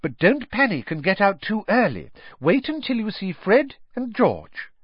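A man voicing a fussy, doting middle-aged witch mother with an anxious, higher voice and a husky edge, on a dull, dry recording. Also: big pitch swings, a little slow, dry recording, exaggerated voice. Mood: fussing.

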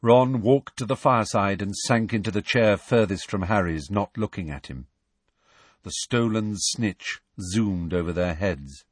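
A man reads a story aloud in a low, husky voice with a lively, expressive lilt. The sound is close and dry, with no room around it. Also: a little slow, dry recording. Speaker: audiobook narrator. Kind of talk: scripted narration.

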